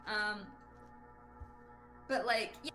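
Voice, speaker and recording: A woman streamer chatting casually, swearing freely and acting out lively retellings. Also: medium pitch, drawn-out words, faint music behind. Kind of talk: casual chat.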